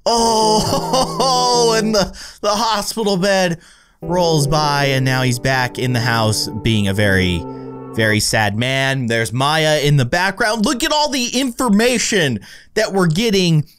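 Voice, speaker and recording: A man's voice: a little high, unhurried, music in the background. A man giving exclaiming let's play commentary as a gaming YouTuber. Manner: animated, exclaiming reactions.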